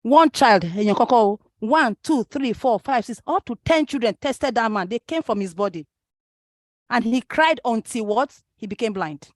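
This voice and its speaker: A woman's voice: a little high, lively intonation, normal speed, no echo, clean studio sound. A woman from Nigeria with a Nigerian accent, giving an impassioned religious talk to parents, exhorting the audience with rhetorical questions and slipping Arabic and Yoruba phrases into her speech.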